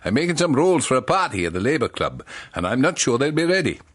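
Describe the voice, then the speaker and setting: A man's voice: mid-range voice, very animated, fast talker, voice pushed up. A man voicing a flustered, chatty middle-aged Welsh woman who runs a bakery, in a comic storybook reading.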